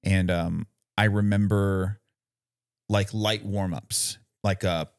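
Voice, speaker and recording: A man with a fairly low voice co-hosting a casual podcast chat, recorded close and dry with no room sound. He explains things at length, searching for the right words as he goes and checking in with "you know what I mean". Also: steady tone, slow, vocal fry, clean tone, no echo. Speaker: podcast co-host.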